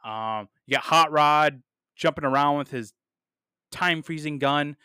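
A man's voice: a little high, a little slow, sharp tone, clean tone, no echo, clean studio sound. A man reviewing a film in a casual podcast monologue, blunt and dismissive, with plenty of "um"s and "uh"s. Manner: blunt and dismissive, many fillers.

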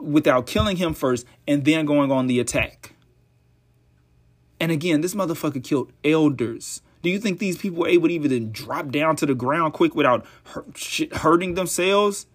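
A man giving an angry, profane commentary, heated and worn out. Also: a little high. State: tired and frustrated. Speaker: vlogger.

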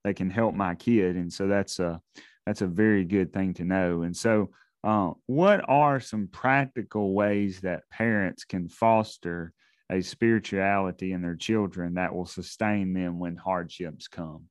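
Male interview host, low-pitched, loose filler-heavy questions, dry mic. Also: a little slow, smooth, no echo. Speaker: podcast host. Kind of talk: interview conversation.

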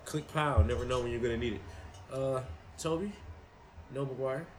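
A young man co-hosting a stream chats casually, using slangy, profane language. He speaks at medium pitch and normal speed, and the recording is rough.

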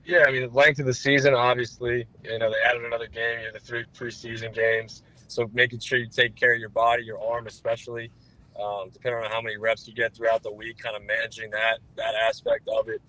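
A young man in his twenties from New Jersey, answering interview questions in a relaxed way with plenty of fillers. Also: mid-range voice, a little fast, rough recording. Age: 20s. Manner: relaxed, repeats filler words. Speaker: guest quarterback.

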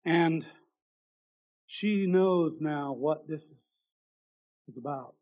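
A man preaching a sermon, reading out a testimony, swinging between loud and hushed. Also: on the high side, extremely slow, highs cut off.

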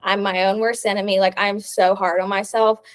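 A woman's voice: medium pitch, little pitch movement, normal speed. A young adult woman co-hosting a podcast, telling a long story in casual chat, full of "like" fillers. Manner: chatty storytelling, many "like" fillers. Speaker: podcast co-host.

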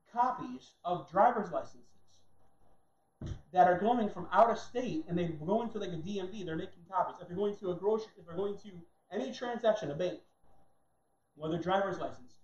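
A man's voice: high voice, expressive, moderate pace, a little mellow, a little hiss or hum. A man preaching a sermon in a heated, mocking way, sometimes acting out other people's voices. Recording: roomy, dull lo-fi sound.

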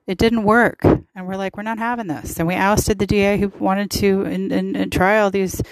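A woman's voice: medium pitch, steady tone, moderate pace, dry recording, rough recording. A woman hosting a podcast, giving casual political commentary in a chatty, emphatic way with lots of fillers. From United States. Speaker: podcast host.

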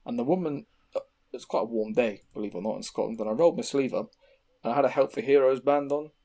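A man's voice: medium pitch, fast talker, gravelly. A young English man on a casual podcast, telling rambling stories full of swearing. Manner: swears freely, rambling animated storytelling. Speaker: podcast co-host. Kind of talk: casual chat.

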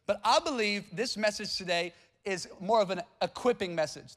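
A man in his thirties preaching a sermon in a church, with lively call-and-response asides to the congregation. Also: high-pitched. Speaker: pastor. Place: church sanctuary.

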